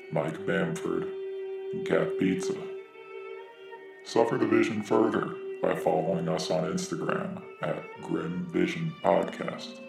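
A man playing a sinister horror anthology host, delivering a scripted outro in a deep gravelly drawl. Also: recorded from a distance, exaggerated voice. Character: sinister gaunt male horror host, grim. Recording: roomy echo, set back from mic. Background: music.

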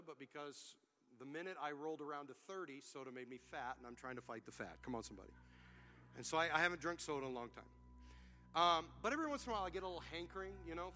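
A man preaching a sermon to his church, mixing funny stories with rising, fervent calls to his congregation. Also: fairly high pitch. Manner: humorous storytelling, building to loud preaching. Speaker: pastor.

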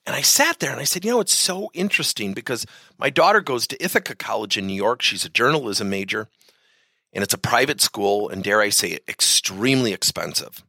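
Lively middle-aged man telling stories. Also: brisk, dry recording. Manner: storytelling, shifts pitch widely for emphasis. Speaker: business speaker addressing leaders. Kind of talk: motivational talk with anecdotes.

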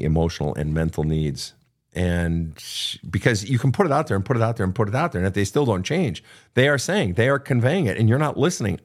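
A man's voice: deep voice, darkish tone. A middle-aged man hosting a show, giving blunt, profane, direct advice to listeners' questions without a script. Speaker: podcast host answering listener questions. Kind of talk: unscripted advice talk.

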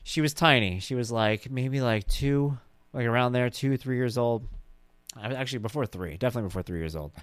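A middle-aged man telling stories about his daughter in a casual monologue, animated and jokey, and he acts out her voice in high squeals. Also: brisk, smooth, dry recording.

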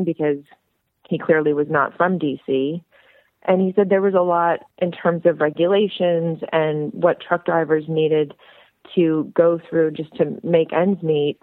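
A woman's voice: low-pitched, no room sound. A woman filmmaker, a friendly and outgoing talker, telling her story as a guest in a phone interview. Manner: chatty, outgoing, animated storyteller. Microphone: telephone. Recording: tinny phone line.

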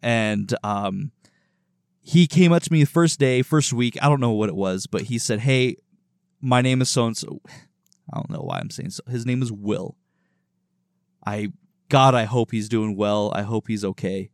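A man's voice: mid-range voice, a little slow, dry recording. Laughing man telling stories, dry mic. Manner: animated storyteller, laughs often, swears. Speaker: podcast co-host. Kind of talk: casual chat.

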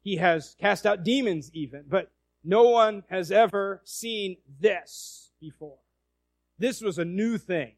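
A man preaching a sermon, dramatic, acting out a scene and swinging from loud to hushed. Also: sits high, slow pace, no echo.

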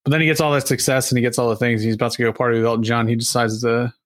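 A man's voice: mid-range voice, fairly even intonation, rapid-fire, no echo, studio quality. A man co-hosting a podcast, rambling casually about a movie with lots of fillers and the odd swear word. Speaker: podcast co-host. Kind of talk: casual chat reviewing a movie.

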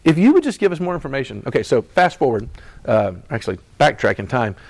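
A man's voice: medium pitch, very animated, fast talker, gravelly, darkish tone, no echo. A man preaching a sermon in a conversational style, acting out quoted voices and laughing as he goes. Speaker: pastor.

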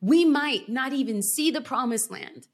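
A woman church planter, a podcast guest, telling an emotional personal story with earnest, animated delivery. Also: high voice. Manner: animated, earnest, pace swings from rapid to drawn out.

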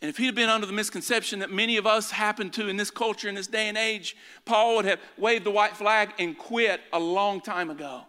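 A middle-aged man preaching a sermon as pastor, swinging between loud urging and hushed asides. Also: high-pitched, steady tone, brisk, few pauses, clean tone. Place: church sanctuary. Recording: long hall reverb.

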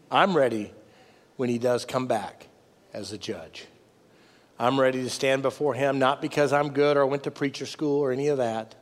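A man preaching a sermon as a pastor, emphatic, swinging from loud peaks down to low, soft passages. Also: long reverb tail.

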